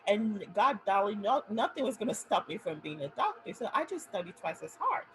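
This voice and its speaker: A woman physician giving a webinar talk, telling her own story in an animated way and often checking in with "right?". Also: mid-range voice, brisk, rough recording.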